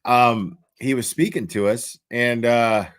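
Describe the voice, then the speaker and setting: A man's voice: mid-range voice, fairly even intonation, slow pace, a bit bright, clear, resonant tone, dry recording, studio quality. A man hosting a show, giving casual commentary on a played video in a chatty, profane way and laughing often. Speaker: host.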